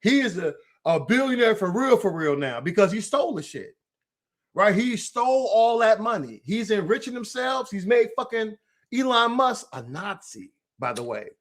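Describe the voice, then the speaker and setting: Hosting political commentary on a livestream, this American man is very animated, his high voice moving at moderate speed. He rants heatedly and profanely, speaking straight to a rival who isn't there and naming him.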